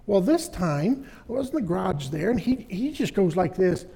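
A middle-aged man delivers a sermon in a high, husky voice. He tells his story earnestly, stumbling and restarting his sentences. The long reverb of a hall hangs on every word. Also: big pitch swings, moderate pace, darkish tone. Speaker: preacher.

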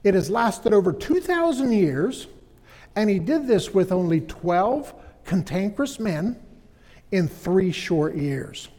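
A man's voice: high voice, very animated, slow, warm tone, long reverb tail. A middle-aged man preaching a sermon, telling a personal story in an earnest way, often restarting his sentences.

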